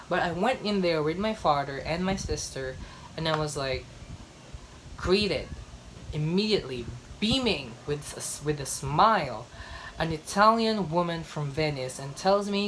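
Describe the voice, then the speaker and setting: Chatty young woman with a lower voice. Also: normal speed, a little hiss or hum, poor audio. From Philippines. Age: young adult. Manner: chatty, emphatic, fond of repeating herself. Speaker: vlogger. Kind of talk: casual chat.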